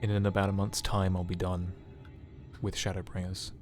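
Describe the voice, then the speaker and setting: A man's voice: sits low, flat delivery, normal speed, darkish tone, faint music behind. A man in his twenties streaming a game, chatting casually and joking with his chat in a self-mocking way. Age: 20s. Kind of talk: casual live-stream chat while playing.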